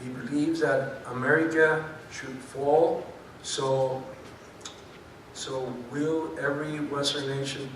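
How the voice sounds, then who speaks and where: A man hosting an event, reading a speaker introduction in a flat, halting way. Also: medium pitch. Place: large conference hall. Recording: echoey hall, distant mic, faint noise.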